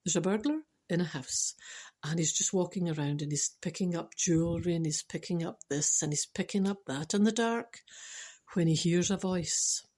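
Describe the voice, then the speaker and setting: A woman's voice: lowish voice, normal speed, darkish tone. A woman with a Scottish accent, a storyteller and speaker telling jokes in a chatty way, with dry wit, restarting and laughing at herself. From Scotland. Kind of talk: casual joke telling.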